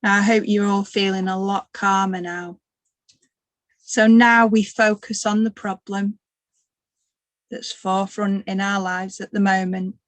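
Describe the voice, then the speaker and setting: A tired woman leading a guided meditation workshop, talking gently with long pauses. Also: medium pitch, little pitch movement, no room sound. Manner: slow, gentle guiding with pauses. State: tired, occasional coughing. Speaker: workshop leader.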